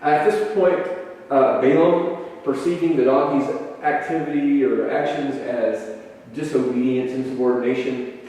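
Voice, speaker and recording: A man's voice: mid-range voice, fairly even intonation, unhurried, darkish tone, a little hiss or hum. A man teaching a conversational Bible lesson, retelling stories loosely with many hesitations and restarts. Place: church meeting room. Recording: echoey hall from a distant mic.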